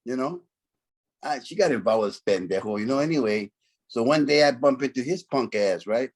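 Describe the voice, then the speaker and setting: A man's voice: mid-range voice, animated, moderate pace. A middle-aged man from Central California, a former gang member, telling stories in a casual, profane, streetwise way and dropping in Spanish slang. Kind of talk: casual storytelling.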